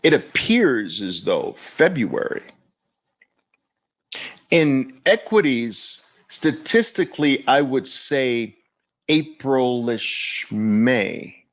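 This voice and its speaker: Animated, slow-talking male market host. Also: medium pitch. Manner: animated, exclamatory, incredulous. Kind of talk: market commentary.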